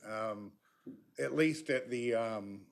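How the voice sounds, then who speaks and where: A man's voice: mid-range voice, slow, gravelly. A man giving a folksy, chatty public comment at a county meeting, with frequent ums.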